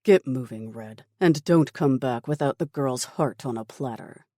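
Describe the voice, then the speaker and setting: An audiobook narrator voicing a ruthless male military commander who speaks coldly and dismissively, with quiet menace. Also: mid-range voice, unhurried, dry recording, clean studio sound, close to an everyday voice. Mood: menacing.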